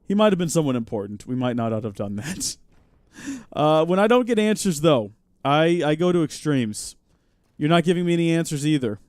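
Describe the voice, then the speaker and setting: A man hosting a live game stream, chatting, joking and reacting out loud as he plays. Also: on the high side, no echo. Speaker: host.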